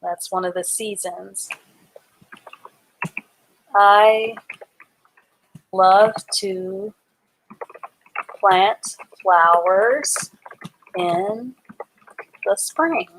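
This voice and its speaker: A woman's voice: medium pitch, drawn-out words, pauses often, fairly bright tone, slight background noise. A woman teaching a live online reading class, patiently spelling words out letter by letter and explaining them simply.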